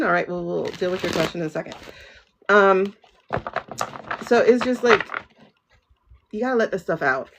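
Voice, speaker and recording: A woman's voice: medium pitch, noisy background. A woman hosting a spiritual livestream, chatting casually and talking straight to her viewers. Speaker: livestream host, tarot reader.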